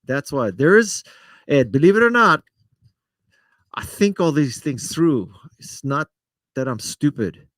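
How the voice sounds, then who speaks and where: A man's voice: on the high side, sing-song, unhurried, long pauses, a bit bright, no echo. A middle-aged man hosting a live stream, chatting casually and self-deprecatingly as he answers viewers by name. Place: home studio setup in front of a camera.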